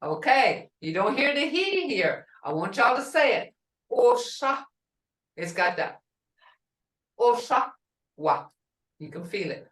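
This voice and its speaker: Slow-speaking woman teaching a class. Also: medium pitch, sing-song, fairly bright tone, echoey room, far from the mic, rough recording. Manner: repeats words slowly for learners. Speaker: language teacher. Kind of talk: online language class.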